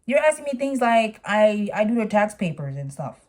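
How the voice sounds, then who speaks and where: A woman's voice: mid-range voice, very animated, moderate pace. A young adult woman vlogger telling a storytime with a sassy, exasperated edge.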